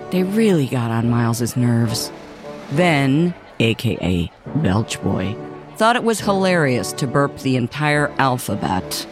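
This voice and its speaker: A male narrator reads a children's story with slow, deliberate pacing and lively emphasis. His voice sits at a middling pitch. Soft background music runs under the reading. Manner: expressive, measured.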